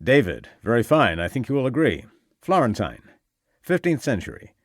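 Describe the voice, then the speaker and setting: A man voicing an outgoing American antiquary with a booming, expansive manner and an American accent. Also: huge pitch swings, moderate pace, no echo, clean studio sound. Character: lively American male antiquary, outgoing and hearty.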